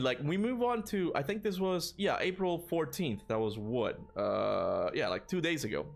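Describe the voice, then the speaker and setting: A man hosting a casual gaming livestream, rambling with many fillers and restarts, and laughing often. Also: medium pitch. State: burping after lunch. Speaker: gaming channel host.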